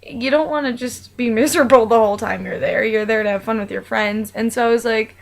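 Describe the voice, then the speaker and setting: A young woman talks about her own life in a loose, rambling way, filling pauses with ums and restarting her sentences. Her voice sits a little on the high side. It sounds like a casual, unscripted personal video. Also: creaky, poor audio. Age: young adult. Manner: rambling and chatty, with many fillers and restarts. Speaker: vlogger.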